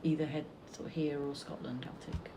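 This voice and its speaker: A middle-aged British woman, the artist's mother, reminiscing fondly in a relaxed conversation, halting and restarting as she reflects. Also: sits low, background noise. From Britain.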